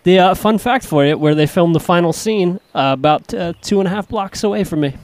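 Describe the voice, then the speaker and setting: Male podcast co-host, North Jersey accent, a touch high, self-deprecating and chatty. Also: brisk, a little mellow, no echo. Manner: self-deprecating, laughs often, repeats words. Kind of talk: casual chat.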